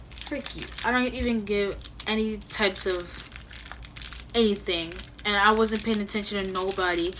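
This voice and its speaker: A young woman telling a storytime vlog at home in a casual, animated way, full of "you know" and "like". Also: mid-range voice, background noise. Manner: animated, heavy use of "you know" and "like", acts out her own angry quotes. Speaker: vlogger.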